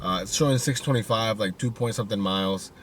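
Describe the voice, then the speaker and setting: A man's voice: on the low side, quick pace, far from the mic, background noise. A man narrating a casual vlog about his delivery shift from inside his car, upbeat and chatty, with many fillers like "you know" and "like". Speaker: delivery driver vlogger. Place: inside a car while driving.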